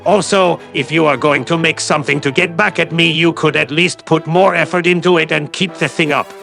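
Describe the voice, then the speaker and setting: A man's voice: a little high, fairly even intonation, brisk, creaky, a bit bright, faint music behind. A man giving a sarcastic, condescending callout commentary as a YouTube commentator.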